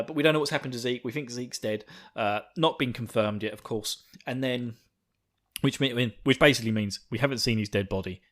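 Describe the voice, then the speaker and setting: A man hosting a podcast, recapping an episode in a gushing, excitable, swearing way. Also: medium pitch. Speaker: podcast host.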